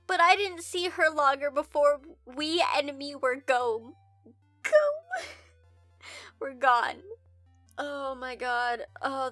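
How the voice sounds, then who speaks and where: A young woman reading a fan story aloud and reacting with incredulous, swearing commentary, often breaking into high shrieks of confusion. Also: bright, forceful tone, dry recording.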